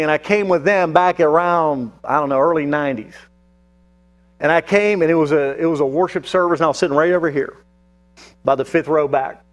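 Guy preaching in church, tells stories, lots of uh and um, kinda high voice. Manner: storytelling with frequent fillers and restarts. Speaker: pastor. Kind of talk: sermon.

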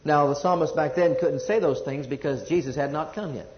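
A man's voice: a little high, a little fast, slight background noise. A man preaching a sermon, reading scripture and repeating points emphatically, asking the congregation to respond. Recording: dull lo-fi recording.

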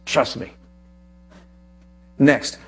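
A male preacher giving an animated sermon, telling a personal story and reading scripture aloud with emphasis. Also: extremely slow.

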